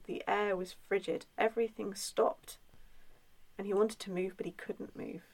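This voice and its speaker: Woman, folklore storyteller, conversational, mid-pitched, fillers. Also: moderate pace, rough recording. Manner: relaxed, with frequent "um" fillers.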